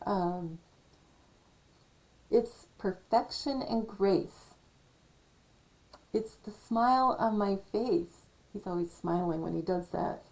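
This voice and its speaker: Slow, gravelly-voiced rambling woman. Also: medium pitch, rough recording. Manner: slow, meandering, musing aloud with frequent fillers. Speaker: video commentator. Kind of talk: casual rambling monologue.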